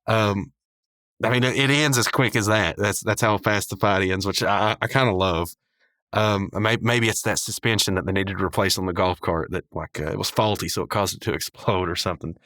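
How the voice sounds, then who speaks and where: A man's voice: lowish voice, fairly quick, fairly bright tone, no echo, studio quality. A man hosting a podcast, recapping a cartoon episode in a loose, rambling way, full of fillers and little chuckles. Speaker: podcast host.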